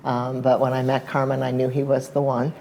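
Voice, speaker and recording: A woman in her sixties recalling her marriage in casual chat, earnest and quick to laugh. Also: extremely low pitch, level tone, mellow, slight background noise, low-quality recording.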